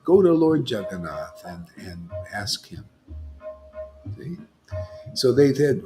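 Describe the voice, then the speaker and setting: Music plays behind a monk who leads a devotional gathering. His informal talk wanders, and he regularly checks in by asking "you know?" He speaks at a measured pace in a medium, sing-song voice.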